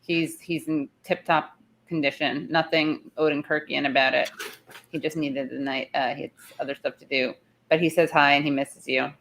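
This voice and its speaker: Tired, low-voiced woman host rambling. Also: fairly even intonation, normal speed, fairly bright tone, a little hiss or hum. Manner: chatty, rambling, self-interrupting. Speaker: show host. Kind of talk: casual livestream chat. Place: in the city, not her usual spot.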